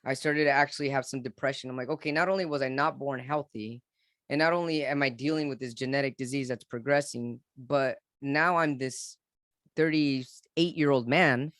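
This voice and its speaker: Male guest in his forties, mid-pitched, earnest and halting as he tells his story, recorded dry. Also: steady tone, fairly bright tone, dry recording. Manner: earnest, halting, with frequent restarts and repeats. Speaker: podcast guest. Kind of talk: candid personal storytelling in an interview.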